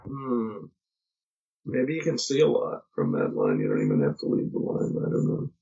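A middle-aged man, a podcast guest, telling family stories in a reflective, halting way with many pauses and restarts. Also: on the low side, wildly swooping pitch, vocal fry, mellow, slightly rough. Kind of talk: casual conversation. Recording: dull lo-fi podcast audio.

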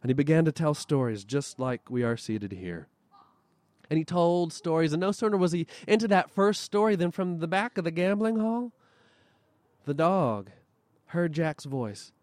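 Lively male storyteller telling a folk tale. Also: on the high side, no echo. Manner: lively, expressive, dramatic pauses. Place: outdoor storytelling festival.

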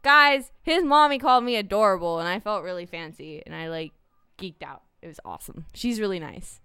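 A woman's voice: medium pitch, expressive, a little fast, sharp tone, smooth, no echo. A young woman co-hosting a podcast, playful and teasing, often laughing while she talks. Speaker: podcast co-host. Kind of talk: casual chat.

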